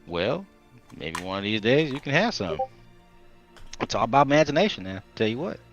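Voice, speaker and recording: A man's voice: mid-range voice, sing-song, moderate pace, soft background music. Folksy drawling rabbit-man, stammers, chatty, played by a man, dull sound. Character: folksy rabbit-eared man, talkative charmer.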